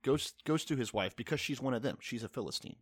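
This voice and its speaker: A man's voice: mid-range voice, animated, quick pace, slightly rough, no echo, clean studio sound. A young man in casual podcast chat, explaining a reading with wry, casual swearing.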